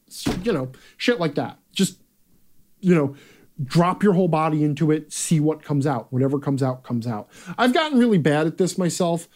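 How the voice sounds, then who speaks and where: A man's voice: a little high, expressive, moderate pace, darkish tone. A man hosting a live chat, talking bluntly and casually with profanity and rambling asides. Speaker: host.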